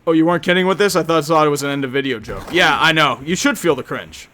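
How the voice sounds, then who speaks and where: A man's voice: on the high side, bright, forceful tone, faint music behind. A young man streaming a game, answering chat in a rambling, sarcastic, joking way. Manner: rambling, sarcastic, quick to joke. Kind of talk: casual live-stream chat over gameplay.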